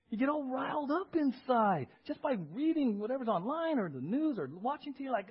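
Husky high-voiced pastor preaching. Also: male voice, big pitch swings, fairly quick. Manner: emphatic, rhetorical questions, repeats key words. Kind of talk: sermon. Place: church service. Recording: dull lo-fi sermon audio.

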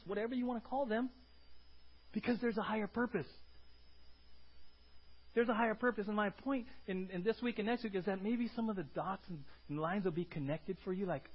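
A male pastor preaching a lively sermon, acting out scenes and often asking "right?". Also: high-pitched, fairly quick, long pauses, breathy edge, lo-fi sound. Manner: animated, acts out film scenes, keeps asking "right?".

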